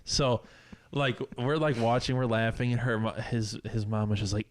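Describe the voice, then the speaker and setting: Young male co-host, middle pitch, lively storyteller who shrieks when imitating. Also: normal speed, slight background noise. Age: young adult. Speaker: podcast co-host. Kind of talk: casual chat.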